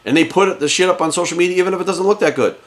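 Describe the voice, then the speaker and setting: A man's voice: high voice, rapid-fire. A man working as a fitness coach, ranting to camera in his office with heated, profane emphasis. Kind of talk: casual rant to camera. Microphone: camera in front of him.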